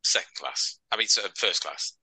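Low-voiced man chatting. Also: moderate pace, sharp tone, breathy edge, no room sound, poor audio. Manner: chatty, joking, rambling recaps. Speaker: podcast co-host. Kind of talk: casual chat.

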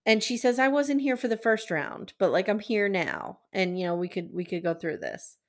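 A woman hosting a podcast, casually recapping a TV episode and acting out the characters' quotes in a lively way. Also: mid-range voice, normal speed. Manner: animated retelling, acts out quotes. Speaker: podcast host.

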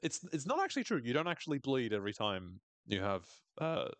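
His mid-range voice leaps through huge pitch swings as he casually sums up a TV episode for his podcast. Wry and talkative, he voices the characters' lines quickly, with no room sound around him.

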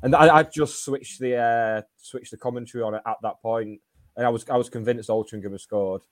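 Man, podcast co-host, mid pitch, dry joking delivery, casual chat. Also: steady tone, brisk. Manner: wry, joking.

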